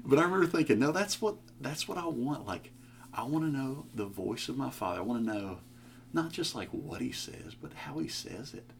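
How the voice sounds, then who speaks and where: A young man as a podcast guest, talking about faith in a casual chat, with animated, joking storytelling. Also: mid-range voice, a little fast, vocal fry, a crowd in the background. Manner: animated storytelling, jokey asides.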